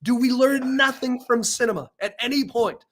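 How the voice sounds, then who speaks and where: A man with a notably high speaking voice hosts a loose podcast conversation. He swears freely, laughs often and jumps between topics with animated energy. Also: moderate pace, a little hiss or hum. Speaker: podcast host. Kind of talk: casual chat.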